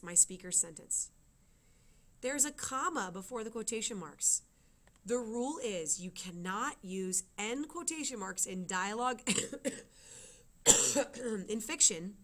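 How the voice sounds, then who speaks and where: Teaching a writing lesson, a woman explains things step by step and checks in with her students, often asking "okay?" Her voice is a little high and a bit bright.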